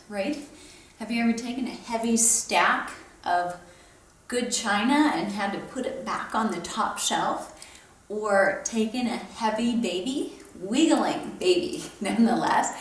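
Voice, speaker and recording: A woman in her fifties, a fitness instructor, demonstrating a home workout in an encouraging way, a little out of breath. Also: mid-range voice. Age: 50s. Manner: encouraging, counts reps while lifting. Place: home room. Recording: very echoey room, far from mic.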